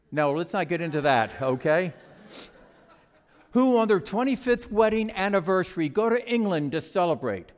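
High-voiced preacher telling a story. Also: male voice. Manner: storytelling, animated and dramatic. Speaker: guest preacher. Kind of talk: sermon. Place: church sanctuary. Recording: long church reverb.

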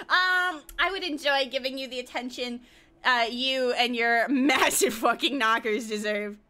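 A young woman streaming a game, joking and swearing in animated, loose commentary and laughing often. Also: on the high side, normal speed, faint music behind. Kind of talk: casual live-stream gaming commentary.

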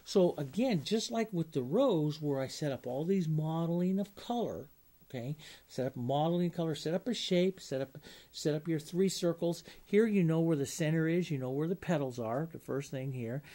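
A man's voice: a little high, normal speed, mellow. A man teaching a painting lesson, demonstrating as he works, chatty and informal, often asking himself questions and then answering them. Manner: casual, thinking aloud, asks and answers own questions. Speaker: painting instructor.

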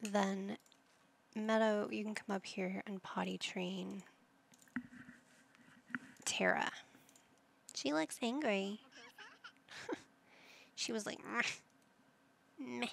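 Slow, gravelly-voiced woman gamer. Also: mid-range voice, slight background noise. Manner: playful, silly made-up words, motherly coaxing. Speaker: gaming video host. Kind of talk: casual let's-play commentary.

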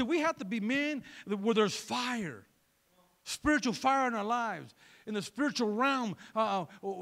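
Pastor guy giving a sermon, high voice, bit gravelly, jokes and checks in w the crowd a lot. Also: fairly bright tone. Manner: conversational, joking, asks the crowd for replies.

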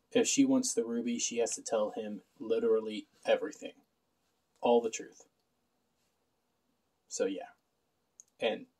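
A man's voice: on the low side, darkish tone, low-quality recording. Sarcastic man recapping a show. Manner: sarcastic, offhand, many "uh" fillers. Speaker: show reviewer. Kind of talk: casual recap review.

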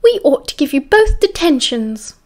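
A woman with a British accent voicing a bossy, exasperated teenage girl prefect who quizzes and scolds in a brisk, authoritative way. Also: sits high, sing-song, voice pushed up.

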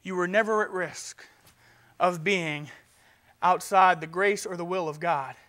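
A male pastor preaching a sermon with passion, swinging from loud urgency to quiet and often stammering and restarting. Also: high-pitched, measured pace.

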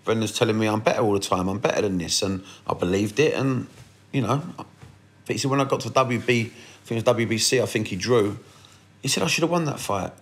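Male podcast host, lowish voice, casual, blunt and sweary with rambling restarts. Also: fairly quick. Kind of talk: casual storytelling monologue.

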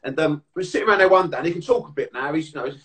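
A man with a bright, forceful voice in casual conversation. He explains things plainly and slips into funny anecdotes. His voice is slightly high for a man. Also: animated, very fast. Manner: explanatory, then anecdotal and laughing. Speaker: co-host. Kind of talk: casual chat.

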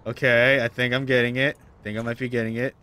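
A man's voice: medium pitch, little pitch movement, fast talker, bright, forceful tone, slight background noise. A man playing a video game and commenting, muttering and swearing in frustration. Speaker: gaming video host. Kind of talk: let's play commentary.

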